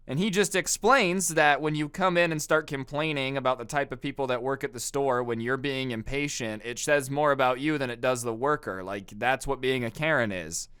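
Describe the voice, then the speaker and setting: Young guy doing a storytime vid, smooth clear voice, dry close sound, kinda sarcastic. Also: mid-range voice, a bit bright, no room sound. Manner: conversational with sarcastic asides. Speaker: storytime YouTuber. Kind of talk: casual storytime narration.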